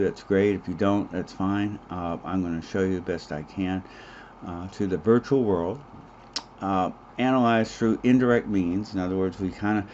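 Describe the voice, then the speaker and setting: Male biology instructor, deep voice, chatty digressive lecture style, dull lo-fi audio with faint hiss. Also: darkish tone. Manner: digressive, joking asides, many fillers. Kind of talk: recorded online lecture.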